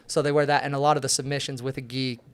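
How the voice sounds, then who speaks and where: A man's voice: medium pitch, racing, smooth. A young man, an interview guest, telling rambling, profane stories in casual chat. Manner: profane, rambling, animated storyteller.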